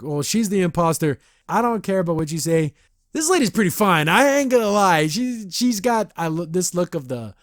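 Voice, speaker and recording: A man's voice: on the high side, no echo, studio quality. A man hosting a podcast, casually recapping a cartoon episode in a rambling, chatty way and briefly mimicking the characters.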